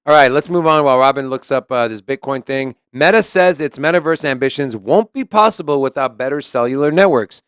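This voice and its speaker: A man co-hosts a crypto news stream, reading articles aloud and adding his own commentary. His voice is smooth and resonant. The sound is dry and close, with no room echo. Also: medium pitch, a little fast, few pauses, fairly bright tone. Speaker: co-host. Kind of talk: casual crypto news chat.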